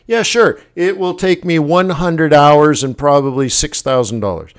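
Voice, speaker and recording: Chatty, clear-voiced Canadian man. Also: a little high, expressive, measured pace. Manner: rambling, jokey, self-correcting. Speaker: forex trading educator and stream host. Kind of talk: casual livestream talk.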